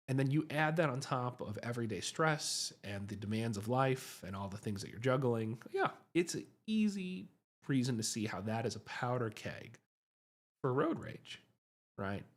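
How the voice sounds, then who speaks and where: Male host, casual livestream storyteller, husky voice, pitch swinging widely, self-deprecating and chatty. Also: moderate pace. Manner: animated, self-mocking, chatty with many tags like "right?". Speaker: psychiatrist hosting a livestream.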